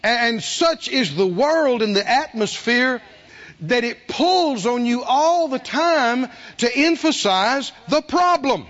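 A man preaching a sermon, animated, acting out the people he quotes and asking the congregation questions. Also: very high-pitched, slow pace. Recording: dull lo-fi sermon recording.

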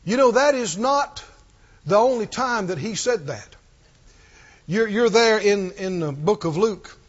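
A man preaching a sermon, telling the story with animated delivery, acting out quoted lines and chuckling often. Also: sits high, measured pace, dull audio.

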